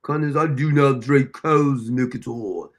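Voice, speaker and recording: A man imitating a prim, haughty woman who speaks very properly and slowly, with exaggerated emphasis, nose in the air. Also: mid-range voice, pitched below the performer's own voice, lightly acted. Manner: slow emphatic posh enunciation.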